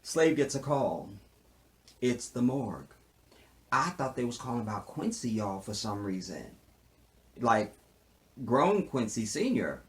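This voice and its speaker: A man talking straight to camera as he recaps a TV episode. His voice sits at an ordinary middle pitch. He jokes around and keeps checking in with "see what I'm saying". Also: sing-song, measured pace, pauses often. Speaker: TV show reviewer. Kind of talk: casual recap commentary.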